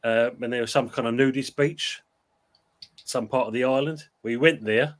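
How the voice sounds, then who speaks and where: A man's voice: mid-range voice, steady tone, moderate pace. A man hosting a casual football chat, reading out viewer comments and telling rambling stories with frequent laughs. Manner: rambling storyteller, laughs often.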